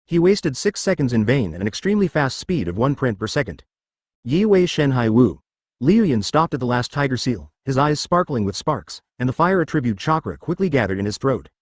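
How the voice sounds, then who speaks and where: Lively male narrator voice, dry sound. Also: mid-range voice, moderate pace, dry recording. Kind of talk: scripted narration.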